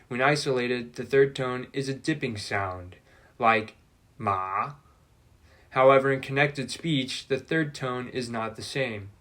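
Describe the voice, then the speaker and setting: Guy doing a scripted lesson video, clear and deliberate, mid voice, dry jokes. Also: medium pitch, fairly bright tone. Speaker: language-learning video presenter.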